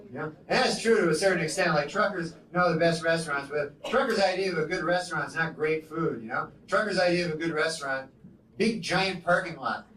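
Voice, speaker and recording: A man doing a stand-up comedy set with a rambling, deadpan delivery full of "you know"s, from a comedy club stage with the audience laughing. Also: on the high side, fast, recorded from a distance, slight background noise. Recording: echoey live club recording with loud crowd laughter.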